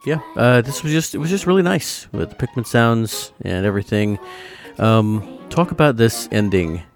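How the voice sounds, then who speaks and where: A man hosting a podcast in casual chat, relaxed, laughing easily and using many fillers. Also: on the low side, normal speed, soft background music. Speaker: podcast host.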